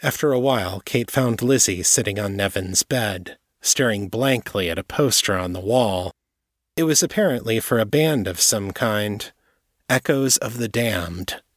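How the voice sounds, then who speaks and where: The narrator, a man with a low voice, delivers an audiobook chapter as scripted narration at a steady, measured pace, captured in a dry, close recording that has no room sound.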